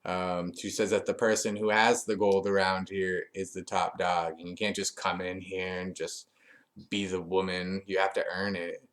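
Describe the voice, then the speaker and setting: Brief: male reviewer, low-pitched, conversational recap, relaxed and unscripted. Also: moderate pace. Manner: chatty, loose, with frequent fillers and restarts. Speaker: wrestling show reviewer. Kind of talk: casual recap commentary.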